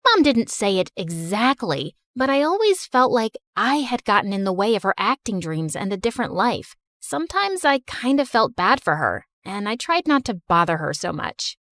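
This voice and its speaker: A woman narrating an animated drama in the first person, telling it with emotional, expressive storytelling. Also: mid-range voice, moderate pace, few pauses, no room sound, clean studio sound.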